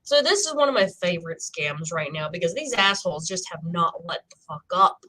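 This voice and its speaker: A woman's voice: on the low side, lively intonation, fairly quick, bright, forceful tone, low-quality recording. A woman with a cough co-hosting a casual chat, rambling with lots of "like" and "you know". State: sick with a cough. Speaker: psychic co-host.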